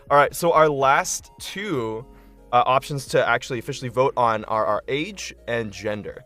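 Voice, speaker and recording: A man game master on a casual live stream, excitable and thinking aloud with lots of fillers. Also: medium pitch.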